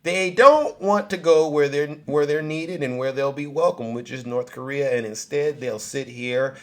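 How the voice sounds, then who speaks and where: A man hosting a political commentary live stream, mocking and animated, talking straight to his viewers. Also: mid-range voice, normal speed.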